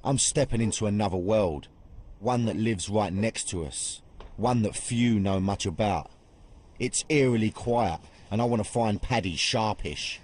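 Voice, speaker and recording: A man's voice: fairly low pitch, measured pace, a little mellow, breathy edge. A man narrating a documentary, blunt and plainspoken with casual swearing. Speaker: documentary presenter.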